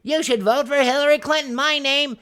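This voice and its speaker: A man's voice: extremely high pitch, fairly even intonation, brisk, a bit bright, pitched above the performer's own voice. A man doing an impression of a brash young web personality who rambles and boasts. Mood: boastful.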